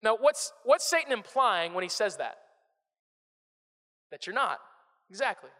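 Guy preaching a casual sermon, high bright voice, keeps repeating words, big echoey church hall. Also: a little slow. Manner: conversational, animated, repeats words when starting phrases. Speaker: pastor.

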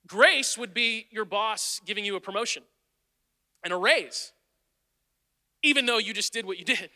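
A man preaches in an earnest, chatty style, circling back to the same phrases for emphasis. His voice sits high and rings very bright. A long reverb trails each line through the church hall. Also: moderate pace. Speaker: pastor. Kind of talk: sermon. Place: church sanctuary.

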